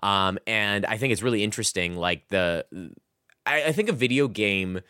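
Rambling low-voiced man, dry sound. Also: moderate pace, sharp tone, clear, resonant tone, dry recording. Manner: rambling, heavy use of "like" and "um". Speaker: podcast host reviewing a video game. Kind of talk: casual chat.

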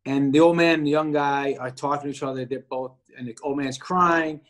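Chatting casually, a male actor guest shares a story from his own life, lively and impersonating the people he quotes. His voice runs on the high side, and he speaks fairly quickly.

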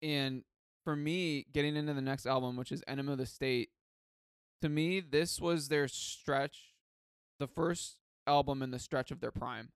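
A man's voice: mid-range voice, steady tone, a little slow, clean tone, no room sound, studio quality. A man hosting a podcast, chatting casually and eagerly, leaning on "like" as he rambles. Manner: enthusiastic, rambling, says "like" often. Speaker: podcast host. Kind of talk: casual chat.

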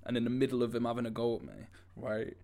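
A man's voice: medium pitch, little pitch movement, fast, vocal fry, mellow. A young man co-hosting a podcast, telling stories in a rambling, laid-back way with lots of fillers. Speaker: podcast co-host. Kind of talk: casual chat.

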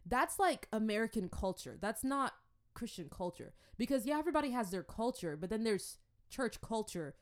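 A young woman from the Congo, chatting to camera in a loose, storytelling way. She is playful and animated, and keeps jumping into little acted-out voices. Her delivery rambles, with plenty of restarts. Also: on the high side, normal speed. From Democratic Republic of the Congo. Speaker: vlogger. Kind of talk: casual storytelling commentary.

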